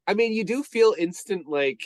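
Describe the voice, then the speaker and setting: A man's voice: high voice, lively intonation, normal speed, darkish tone, no room sound. Give me a chatty man on a movie podcast, dry studio sound, rambling and giggly. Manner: rambling, restarts, laughs often. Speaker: podcast co-host. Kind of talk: casual movie chat.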